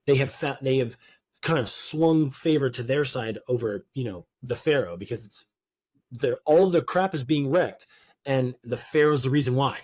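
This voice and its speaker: A man's voice: mid-range voice, expressive, moderate pace, darkish tone, no echo. Laid-back man reading scripture, dry mic. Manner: reads scripture aloud, then riffs with offhand jokes. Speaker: podcast co-host. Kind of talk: casual Bible study chat.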